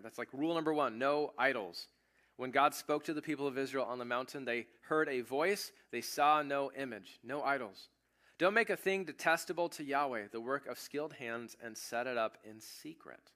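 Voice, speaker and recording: A man preaching a sermon, reading scripture aloud and explaining it in a casual, animated way. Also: mid-range voice. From United States. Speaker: pastor.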